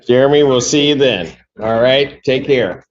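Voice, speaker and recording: A man serving as a judge, lecturing a defendant in court in a stern, firm manner. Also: moderate pace. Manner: stern, lecturing, jumps high in pitch when incredulous. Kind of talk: courtroom proceedings. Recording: dull courtroom audio.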